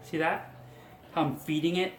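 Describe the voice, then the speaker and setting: Speaking at a moderate pace in a fairly high, steady voice, this male hairstylist coaxes viewers through a styling tutorial one step at a time, chatting and poking fun at himself. The echoey room carries faint ambience plus a little hiss or hum.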